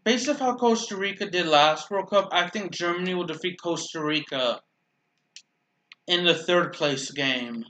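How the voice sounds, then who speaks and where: A man with a bright, forceful voice pitched a little high talks through a video game match in loose, unscripted commentary. He rambles and restarts his sentences, and drops dry sarcastic asides about his teammates. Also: a little slow. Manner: rambling, self-correcting, dryly sarcastic. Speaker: gaming channel host. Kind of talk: casual gameplay commentary.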